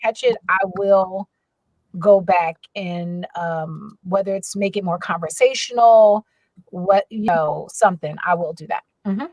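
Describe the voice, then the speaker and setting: Animated woman narrator, dry close sound. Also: lowish voice, unhurried, no room sound, poor audio. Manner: animated, quotes her own thoughts aloud. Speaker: audiobook narrator. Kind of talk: casual panel chat.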